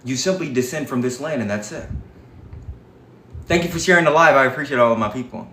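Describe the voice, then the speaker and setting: A man's voice: medium pitch, fast talker, bright, forceful tone, reverberant, a little hiss or hum. A man giving an impassioned livestream lecture, talking to his viewers in an emphatic, profane and repetitive way. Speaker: livestream speaker on history.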